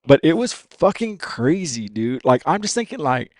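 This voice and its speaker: A man in his fifties, a racer from California, telling stories on a podcast in a profane, animated way and saying "dude" all the time. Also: a little high, moderate pace, no echo, clean studio sound. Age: 50s. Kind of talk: casual storytelling.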